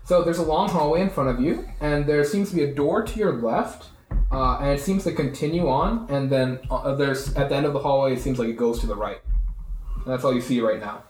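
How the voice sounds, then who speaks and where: A man's voice: medium pitch, a little fast, a little mellow, a little hiss or hum. A young man narrating as game master, rambling with many fillers, recorded in an echoey room.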